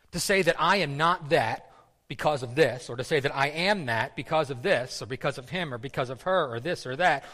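A man's voice: a little high, a bit bright. Man preaching in a reverberant hall. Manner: conversational, repeats words, many fillers. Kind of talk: sermon.

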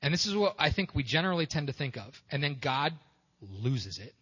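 A male preacher gives a loose, joking sermon full of restarts and asides. His voice is bright with a husky edge and carries a long hall reverb on a dull, lo-fi recording. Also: a little high, sing-song, brisk. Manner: casual, joking and irreverent, many restarts.

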